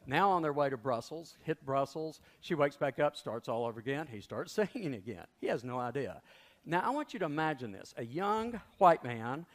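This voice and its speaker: Speaking at normal speed with a middle-pitched voice, a male pastor animatedly tells a story during his sermon. The long reverb of a large church surrounds his words.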